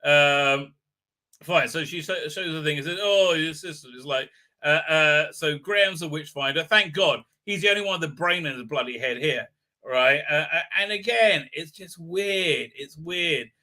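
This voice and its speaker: A man's voice: a little high, normal speed, bright, forceful tone. A man hosting a livestream, ranting in a rambling, indignant way full of fillers. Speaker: livestream host. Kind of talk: ranting commentary.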